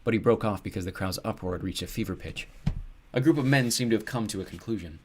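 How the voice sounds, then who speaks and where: A man narrating an audiobook in a steady, measured storytelling voice. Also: lowish voice, a little hiss or hum.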